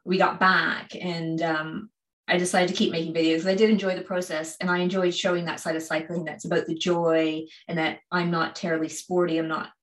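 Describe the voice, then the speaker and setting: A woman's voice: on the low side, flat delivery, a little fast, reverberant. A woman from Canada with a Canadian accent touched by a slight British twang, chatting in an interview about cycling with frequent laughs and fillers. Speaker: cycling YouTuber, guest. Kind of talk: casual interview chat.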